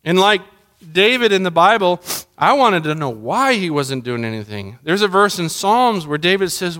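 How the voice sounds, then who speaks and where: Middle-aged pastor guy preaching, kinda high bright voice, gets really heartfelt and pleading. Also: sing-song, moderate pace. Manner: personal, emotional storytelling, rising to impassioned pleading. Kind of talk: sermon.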